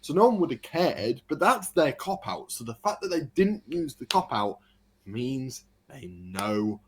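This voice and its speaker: A man, a podcast co-host telling an excited story in casual chat. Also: mid-range voice, a little slow, slight background noise. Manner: excited storytelling, animated retelling.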